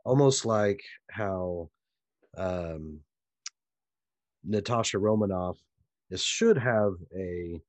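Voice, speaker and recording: A podcast co-host with a low male voice and a dry, close sound. He trades wry, opinionated fan takes on a TV show in a relaxed, casual chat. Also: drawn-out words, pauses often, dry recording.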